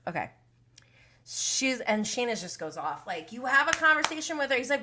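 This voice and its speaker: Bright-voiced young woman dishing gossip. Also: on the high side, big pitch swings, normal speed. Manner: emotional and outspoken, swears freely. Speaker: reality TV recap host. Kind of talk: casual gossipy recap livestream.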